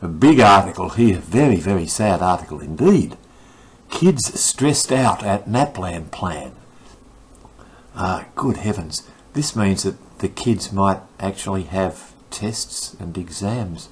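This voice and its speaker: A man's voice: on the low side, breathy edge, rough recording. An older man, giving an indignant, sarcastic rant about the day's news. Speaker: commentator. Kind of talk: ranting opinion monologue.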